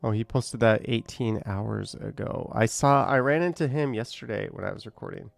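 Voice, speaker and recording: A man's voice: on the low side, moderate pace, creaky, no echo, soft background music. A man casually chatting on a live stream, reading out viewer comments and rambling with a hesitant, trailing-off manner.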